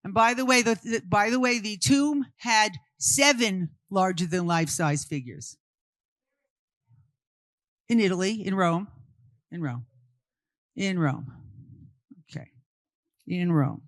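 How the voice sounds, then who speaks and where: A woman's voice: mid-range voice, takes it slowly, pauses often, no echo. A woman from Brooklyn, giving an interactive art history talk and firing questions at her audience before answering them. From Brooklyn, New York. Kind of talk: interactive talk to a live group.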